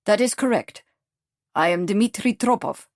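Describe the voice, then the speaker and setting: A woman's voice: mid-range voice, measured pace, no echo, studio quality. Woman voicing a sneering Russian agent. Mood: cold, mocking. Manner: calm, sneering, clipped. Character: menacing Russian secret police agent, male, cold and mocking.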